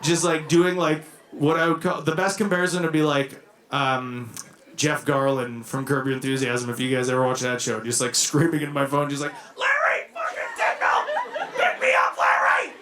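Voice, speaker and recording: A young male stand-up comedian rambles through a self-deprecating set on a comedy club stage, laughing at his own lines. His voice is medium in pitch with little variation, at a normal speed. The echoey club recording carries the crowd's laughter throughout.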